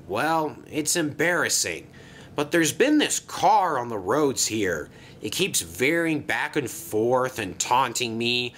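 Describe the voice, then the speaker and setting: A man's voice: mid-range voice, fairly bright tone, a little hiss or hum. A man voicing a sheepish, secretive male bus in a storybook tale, talking hesitantly and apologetically.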